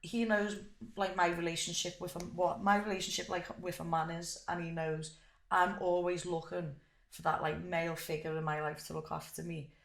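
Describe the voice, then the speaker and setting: A young woman tells stories in a gravelly, fry-edged voice. She talks with animated, unfiltered energy and swears freely. The room around her sounds echoey. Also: lowish voice, normal speed. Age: young adult. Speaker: guest fighter. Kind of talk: casual interview chat.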